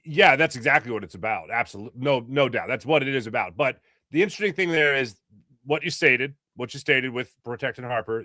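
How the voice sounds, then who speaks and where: Emphatic male sports pundit, bright dry voice. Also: medium pitch, no room sound. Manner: emphatic, opinionated, speeds up when making a point. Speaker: sports talk co-host. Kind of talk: casual sports talk and opinion.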